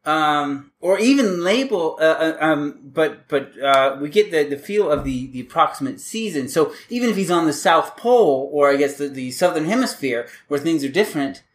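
A man's voice: a little high, animated, normal speed, hardly any pauses. A man hosting a casual podcast, explaining writing and grammar in a chatty, rambling way with many restarts. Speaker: podcast host.

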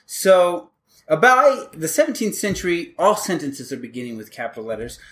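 A man's voice: on the high side, very animated, normal speed, fairly bright tone. A man hosting a casual podcast, explaining writing and grammar in a chatty, rambling way with many restarts. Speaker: podcast host.

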